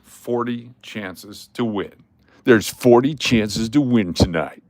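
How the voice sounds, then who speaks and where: A man's voice: fairly low pitch, slow, a little mellow, no room sound. An older man hosting a casual livestream, rattling off lists of cards and chatting to viewers. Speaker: livestream host.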